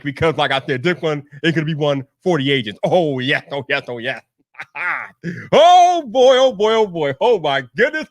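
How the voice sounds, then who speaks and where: Tech streamer host, male, high voice, dry close sound, pumped repetitive hype delivery. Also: no room sound. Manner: energetic, repetitive hype with shouted catchphrases; greets chat viewers one by one. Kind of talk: hyped live-stream banter.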